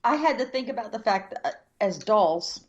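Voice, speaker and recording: A woman's voice: mid-range voice, lively intonation, normal speed, highs cut off. A woman from the United States co-hosting a podcast, chatting in a wry, casual way. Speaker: podcast co-host. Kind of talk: casual chat.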